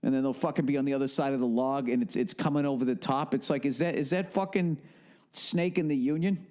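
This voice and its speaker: A middle-aged man, hosting a podcast in an animated, swearing comedic rant with acted-out asides. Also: medium pitch, quick pace. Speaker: podcast host.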